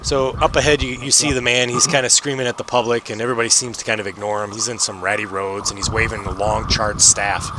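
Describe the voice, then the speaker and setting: A man's voice: fairly low pitch, flat delivery, quick pace, hardly any pauses. Man rambling as game master. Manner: casual, rambling, filler-heavy. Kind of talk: narrating a tabletop game. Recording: noisy home mic.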